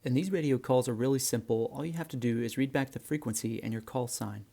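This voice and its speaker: Brief: a male flight instructor with a warm, gravelly voice, explaining in an easygoing way. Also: mid-range voice, quick pace. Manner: relaxed, friendly explaining, addresses viewers as guys. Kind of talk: instructional narration.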